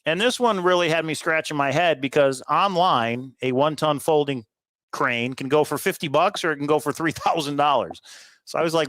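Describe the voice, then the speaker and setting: A man's voice: fairly high pitch, animated, fairly bright tone, dry recording. A man co-hosting a casual live stream, chatting upbeat about things he sold and answering viewer comments. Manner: chatty, upbeat, quick asides and chuckles. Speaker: livestream co-host.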